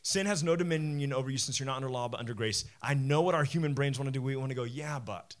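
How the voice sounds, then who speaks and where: A man in his forties preaching a sermon as a pastor, animated and conversational, often self-deprecating. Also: mid-range voice, racing.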